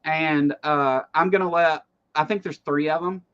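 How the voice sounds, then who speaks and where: A man hosting casual political commentary, animated and rambling, with lots of fillers and swearing. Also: on the high side, unhurried, smooth, lo-fi sound.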